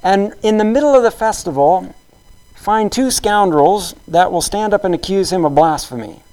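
Man doing a domineering queen, scornful, bossy, slightly high. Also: normal speed, darkish tone, close to an everyday voice, rough recording. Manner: bossy, scoffing.

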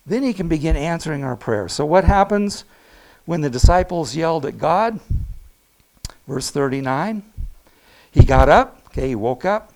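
A man preaching a sermon in a slow, deliberate delivery. His voice sits a little high for a man, and he swings from loud calls down to near hushes while speaking straight to the congregation. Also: gravelly. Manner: animated preaching with big swings in loudness, dropping to a hush; addresses congregation directly with asides and quick laughs. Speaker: pastor.

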